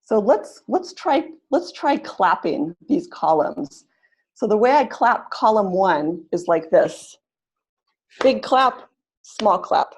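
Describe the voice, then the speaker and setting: A woman's voice: medium pitch, big pitch swings, slow pace, darkish tone, breathy edge. A woman leading an online pronunciation webinar, encouraging and often repeating her phrases as she runs drills. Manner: encouraging, leads drills and clapping exercises. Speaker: webinar facilitator, pronunciation teacher.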